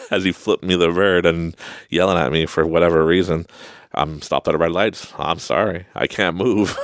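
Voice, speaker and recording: A man's voice: low voice, a little fast, dry recording, clean studio sound. A man hosting a podcast, telling rambling stories in a casual monologue, full of fillers and frequent laughs. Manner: rambling storytelling with many fillers. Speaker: podcast host.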